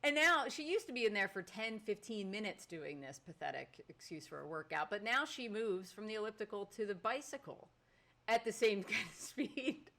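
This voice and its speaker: A woman co-hosting a podcast, telling a story in casual chat with animated exasperation. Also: medium pitch, moderate pace. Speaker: podcast co-host.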